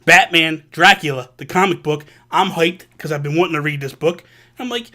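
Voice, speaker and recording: A man hosting a vlog, telling a personal story in an animated, casual way with slang. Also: on the high side, moderate pace. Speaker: vlog host. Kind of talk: storytelling to camera.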